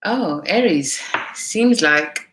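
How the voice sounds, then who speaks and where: A woman's voice: fairly low pitch, animated, slow, fairly bright tone, slight background noise. A woman with a mixed Indian accent, hosting a live tarot stream in a chatty way, greeting viewers by name and thinking aloud as she reads the cards. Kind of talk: casual live-stream chat and tarot reading.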